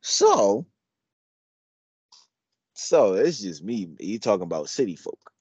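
A man co-hosting a podcast in casual banter, arguing his point in an animated way and repeating himself. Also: on the low side, takes it slowly, slightly rough, no echo. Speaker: podcast co-host. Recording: dull lo-fi podcast audio.

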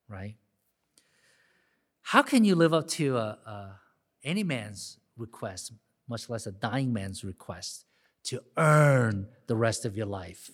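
A man's voice: mid-range voice, animated, slow pace. A man preaching a sermon, conversational and then building to emphatic peaks, with frequent restarts. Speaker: pastor.

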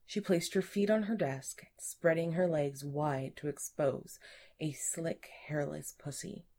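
A woman with a low voice narrates an erotic audiobook at an unhurried pace. Her delivery is breathy and intimate, and it often sinks to a whisper. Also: warm tone.

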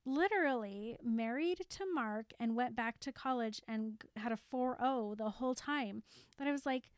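A woman in her thirties, an animated podcast co-host who laughs easily while casually recapping a show. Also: fairly high pitch, moderate pace, clear, resonant tone, no room sound, clean studio sound. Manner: animated storyteller, laughs often.

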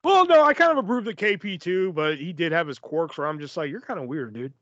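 A man's voice: high-pitched, fairly quick, fairly bright tone, no room sound. A man hosting a podcast, telling stories in casual chat, rambling and swearing with lots of fillers. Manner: profane, rambling, filler-heavy. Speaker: podcast host. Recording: dull lo-fi, dry.

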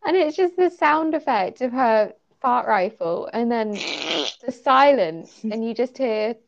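A young woman chats casually as co-host, giggling often and padding her sentences with fillers. Her voice carries a gravelly fry. The recording sounds slightly muffled and lo-fi. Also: fairly high pitch, a little slow. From United Kingdom. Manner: giggly, chatty, with many fillers. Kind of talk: casual chat reviewing a story.

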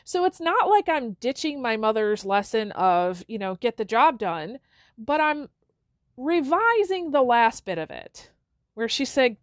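A woman's voice: on the high side, big pitch swings, measured pace, no room sound, clean studio sound. A middle-aged woman hosting a reflective solo podcast, speaking earnestly with many fillers and restarts. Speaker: podcast host.

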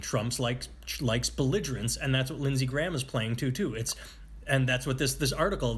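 A man's voice: mid-range voice, fairly bright tone, slightly rough. A man in a casual political chat who sounds frustrated and rambles, breaking off and restarting his sentences.

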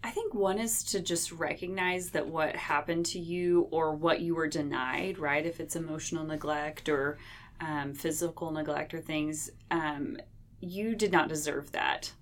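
A woman guest speaking calmly and steadily, offering reassuring reflections on hope after hardship. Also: sits low, measured pace, slight background noise. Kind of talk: reflective conversational teaching.

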